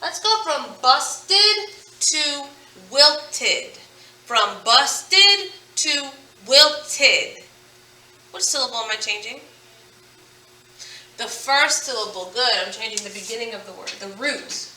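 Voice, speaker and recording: A woman teacher leading a phonics lesson, stretching out words slowly and praising her students as she goes. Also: high-pitched, expressive, pushed and bright, reverberant, distant mic, poor audio. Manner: slow, drawn-out word modelling with praise.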